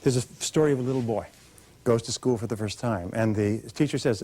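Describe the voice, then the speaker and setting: A man's voice: medium pitch, a little fast, warm tone. A man giving a motivational seminar speech, emphatic and coaching the audience to repeat after him. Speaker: motivational speaker. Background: audience repeating lines.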